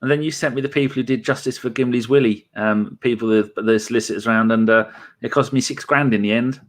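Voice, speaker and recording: Male podcast host, mid pitch, teasing banter with his mates. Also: steady tone, quick pace. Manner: joking, teasing. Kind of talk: casual banter.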